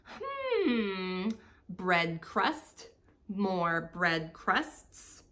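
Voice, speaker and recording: A woman voicing a greedy, bullying female rat with a raspy, wheezing, screeching voice. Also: medium pitch, wildly swooping pitch, extremely slow, bright, forceful tone, heavily acted. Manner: screeching, snapping.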